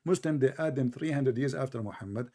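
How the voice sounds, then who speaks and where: A man's voice: mid-range voice, fast, dark tone. A man hosting a debate, speaking combative, sarcastic English that is not his first language. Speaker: debate host. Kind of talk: mocking religious debate.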